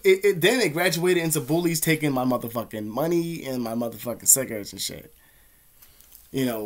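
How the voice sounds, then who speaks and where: An American man telling rambling, profane stories in a casual vlog, laughing often. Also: medium pitch. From United States. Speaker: vlogger. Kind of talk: casual storytelling.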